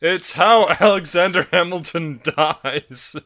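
A man's voice: high voice, slow, pushed and bright, no echo, studio quality. A man co-hosting a podcast, chatting casually, often laughing, self-deprecating and swearing. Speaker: podcast co-host.

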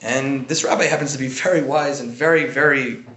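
A man's voice: medium pitch, brisk. A man giving an informal Torah lesson in a conversational way, often checking in with "right?". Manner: conversational, often asks "right?", animated bursts. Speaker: Jewish teacher giving a class. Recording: echoey room.

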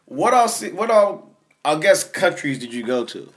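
A man's voice: on the high side, big pitch swings, moderate pace. Teasing male podcast host. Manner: teasing, jokey interviewer. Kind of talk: casual podcast chat.

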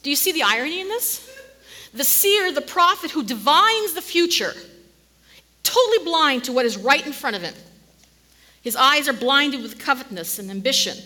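A woman preaching a sermon, telling the story in an animated way and sometimes dropping to a near-whisper. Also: high-pitched, moderate pace. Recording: long hall reverb.

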